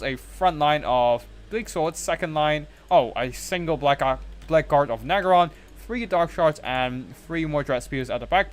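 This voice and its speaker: Chatty man casting a live game. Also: a little high. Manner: chatty, answers viewer chat between play calls. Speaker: tournament caster and streamer.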